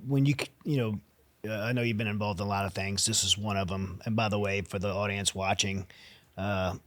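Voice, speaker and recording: A man hosting a conversational interview, with a voice a little lower than most men's. He asks questions in a searching way and rephrases them as he goes. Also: fairly even intonation, brisk, fairly bright tone. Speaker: podcast host.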